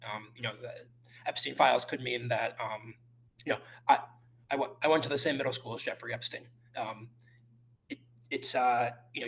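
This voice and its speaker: A male journalist answering interview questions over a remote call, halting and careful with many restarts and fillers. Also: medium pitch, vocal fry, pushed and bright. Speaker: journalist guest.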